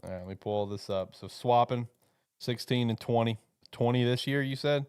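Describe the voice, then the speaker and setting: A man's voice: mid-range voice, moderate pace, a little mellow, clean tone, no echo, studio quality. A man hosting a mock draft with playful banter and frequent laughter. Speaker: host running a mock draft. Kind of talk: casual joking chat.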